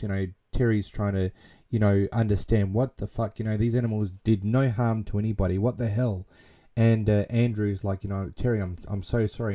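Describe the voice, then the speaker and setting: A man's voice: lowish voice, warm tone. A man casually retelling a film plot, rambling with constant fillers and casual swearing. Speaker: film recap narrator.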